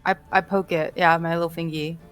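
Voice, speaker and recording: A woman's voice: fairly low pitch, level tone, fairly quick, faint music behind. A woman playing a tabletop game, giggly and exclamatory in casual chat. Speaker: player.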